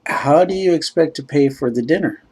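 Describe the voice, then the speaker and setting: A man voicing an exasperated young woman on a date, shrill and incredulous. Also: fairly quick, a little mellow, breathy edge. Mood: incredulous, annoyed.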